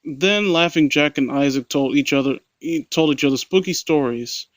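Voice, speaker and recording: A man's voice: on the high side, normal speed, dry recording, studio quality. Man reading aloud, stumbling and sarcastic. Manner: stumbling, frequent restarts and mockery. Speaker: narrator and critic.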